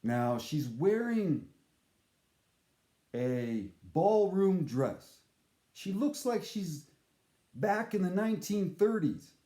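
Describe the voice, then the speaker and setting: A man telling a comic story to camera in a rambling, halting, deadpan way. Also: high voice, reverberant.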